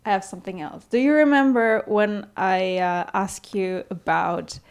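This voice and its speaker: A woman's voice: medium pitch, unhurried, clean tone. A woman co-hosting a podcast in casual chat, hesitant and full of fillers, often giggling. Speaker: podcast co-host.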